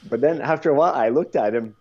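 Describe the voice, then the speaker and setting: A man in his fifties, a podcast guest, telling rambling, animated stories in a casual interview, with frequent restarts. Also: mid-range voice, fast talker. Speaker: podcast guest, former luge athlete. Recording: dull lo-fi sound.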